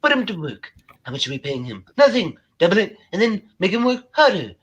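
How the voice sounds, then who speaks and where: A man doing an impression of a doddering, greedy old male tycoon boss, with a quiet wheezy drawl. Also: high-pitched, big pitch swings, a little fast, slightly rough, pitched above the performer's own voice, full character voice. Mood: scheming.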